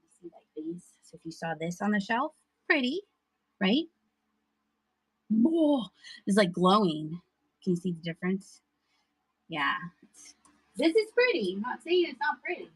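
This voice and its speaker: A woman's voice: mid-range voice, big pitch swings, a little slow, long pauses, breathy edge, no echo, low-quality recording. A woman hosting a live thrift sale, chatting casually with viewers and laughing often. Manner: chatty, giggly, talks to chat viewers. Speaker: live-stream thrift seller. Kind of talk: casual live-selling chat.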